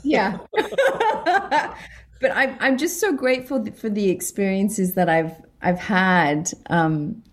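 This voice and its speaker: A woman with a British accent, a guest actress chatting in an interview, animated and quick to laugh as she acts out what people said. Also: medium pitch. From Britain. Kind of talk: casual interview chat.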